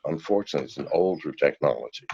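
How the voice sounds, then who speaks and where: A man's voice: extremely low pitch, expressive, racing, creaky, a little mellow, muffled recording, a little hiss or hum. A man giving a casual interview, blunt and profane, and laughing often. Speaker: interview guest.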